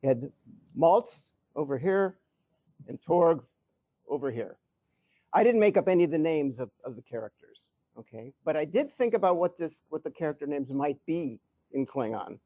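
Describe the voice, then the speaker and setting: Brief: older male guest speaker, slightly high voice, dry close sound, animated chuckling anecdotes. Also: moderate pace, dry recording. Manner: animated, chuckling storyteller with frequent restarts. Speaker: guest speaker answering audience questions. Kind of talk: live Q&A anecdote telling. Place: event hall before an audience.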